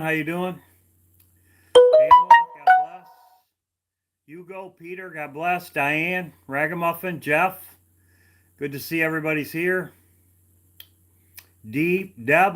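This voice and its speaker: A man hosts a casual online livestream, greeting his viewers one by one. His voice sits a little high. He talks slowly and haltingly, repeating phrases and filling gaps with "uh". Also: fairly bright tone. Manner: slow, halting, repeats himself with fillers. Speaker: online video host.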